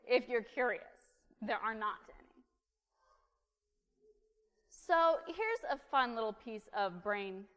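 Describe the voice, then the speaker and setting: A woman in her thirties giving a chatty, humorous sermon in a church, full of lively asides. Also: mid-range voice. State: caffeinated, fast-talking. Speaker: preacher. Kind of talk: conversational sermon. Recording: long reverb of a church hall.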